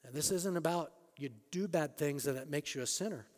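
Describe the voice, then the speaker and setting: A man preaching a sermon as a pastor, emphatic, rising to loud peaks and dropping low again. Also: brisk. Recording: long reverb of a large hall.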